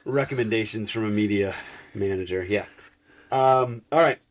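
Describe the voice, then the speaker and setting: A man's voice: lowish voice, moderate pace. A man hosting a sports podcast, steering segments in a loose, joking way. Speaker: podcast host. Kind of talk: casual chat.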